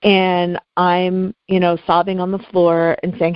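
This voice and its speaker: A woman's voice: lowish voice, little pitch movement, unhurried, hardly any pauses, clear, resonant tone, no echo, lo-fi sound. A middle-aged woman speaking as an interview guest, telling a painful personal story in an earnest, heartfelt way, at times close to tears.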